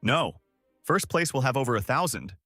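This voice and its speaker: A man's voice: medium pitch, big pitch swings, fast talker, fairly bright tone, no room sound, studio quality, soft background music, pitched above the performer's own voice. A man voicing an arrogant long-haired young rival who talks in a mocking, sneering way.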